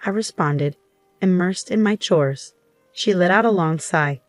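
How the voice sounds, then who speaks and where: A woman telling a first-person story as narrator in an even, steady scripted delivery. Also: on the low side, measured pace, no echo, faint music behind.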